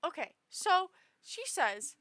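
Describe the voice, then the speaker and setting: A tipsy woman with a high, bright voice rambles through a casual reaction, stumbling and restarting as her feelings spill out. She talks slowly, and the dry sound puts her right up close to the mic. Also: very animated, no echo. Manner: rambling and emotional, with many restarts. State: tipsy after two shots. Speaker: streamer reading online posts.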